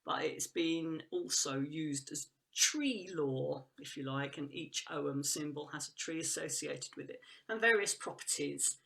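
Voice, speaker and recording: A woman's voice: low-pitched, measured pace, vocal fry, hardly any pauses, a bit bright. A woman talking as a guest about trees and woodland work, enthusiastic and rambling, with frequent restarts and laughs. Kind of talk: casual conversational chat.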